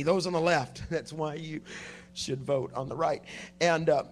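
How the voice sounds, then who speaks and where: A man preaching a sermon at a conference, dropping to a hush and then rising to shouting. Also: on the high side, steady tone, normal speed, gravelly. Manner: swings from hushed to shouting preaching. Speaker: pastor. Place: conference hall.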